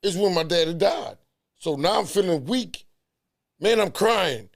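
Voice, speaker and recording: A man's voice: high voice, lively intonation, a little slow. A man in a casual heart-to-heart talk, emphatic and preachy, repeating words to drive points home.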